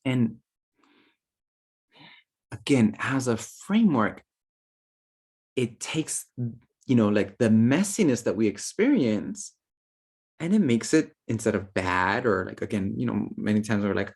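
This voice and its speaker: A man's voice: fairly low pitch, expressive, measured pace, long pauses, a little mellow. A man giving a casual, playful talk on spirit guides, full of slang, fillers and quoted asides. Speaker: spiritual teacher.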